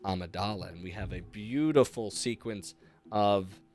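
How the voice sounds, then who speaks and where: A man's voice: lowish voice, takes it slowly. A male podcast host giving an enthusiastic, casual recap of a comic, with fillers and asides.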